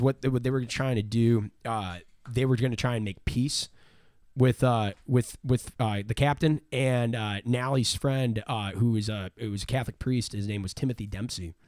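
A man's voice: medium pitch, normal speed, no echo, studio quality. Rambling, swearing male storyteller. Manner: rambling, repeats words, swears freely. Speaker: podcast host, storyteller. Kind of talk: casual storytelling chat.

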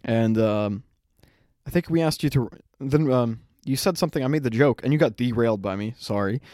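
A man's voice: medium pitch, fairly quick, a little mellow, dry recording, studio quality. A young man co-hosting a podcast who tells a story in a casual, rambling way. He acts out the quotes and laughs often. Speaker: podcast co-host.

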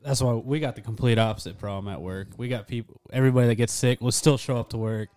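A laid-back man chatting on a podcast, swearing casually. His voice is mid-pitched, smooth and clear. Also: steady tone, fast, a little mellow. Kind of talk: casual chat.

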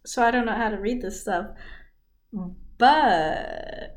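A woman's voice: on the high side, lively intonation, takes it slowly. A young woman hosting a podcast, rambling in a laid-back, slangy way with lots of fillers. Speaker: podcast host. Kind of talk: casual rambling monologue.

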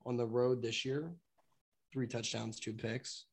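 A man's voice: mid-range voice, little pitch movement, unhurried, slightly rough. A man co-hosting a casual sports podcast, giving opinionated takes on games and stats in a loose, chatty way. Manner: chatty, opinionated, loses his train of thought. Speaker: podcast co-host. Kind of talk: casual sports betting chat.

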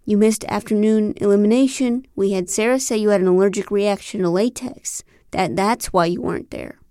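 A woman's voice: mid-range voice, normal speed, no room sound, clean studio sound, natural voice. A woman reading an audiobook, voicing a friendly, earnest man in his thirties who talks in an eager, chatty way. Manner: chatty, eager, animated outbursts. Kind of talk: audiobook character voice.

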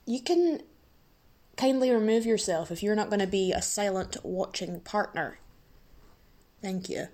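A woman's voice: mid-range voice, measured pace, long pauses, warm tone. Giddy, rambling woman podcast host with a cold. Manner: giddy, rambling, self-mocking, giggly. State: sick with a blocked nose. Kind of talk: casual solo podcast chat.

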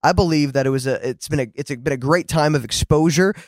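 Earnest man with a higher voice. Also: fast talker, a little mellow, no room sound, clean studio sound. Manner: earnest, many restarts and fillers. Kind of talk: casual faith conversation.

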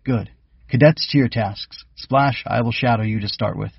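A man voicing a wise, winged bug keeper who calmly instructs young cadets. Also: mid-range voice, gravelly, breathy edge, no room sound, lo-fi sound. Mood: commanding. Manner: measured, instructive.

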